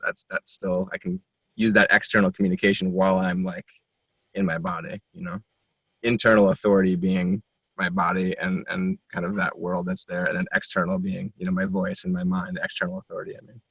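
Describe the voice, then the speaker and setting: Low-voiced, introspective man on dull dry audio. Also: slightly rough, dry recording. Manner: introspective, searching for words, soft laughs. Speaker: coaching client. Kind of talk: reflective conversation.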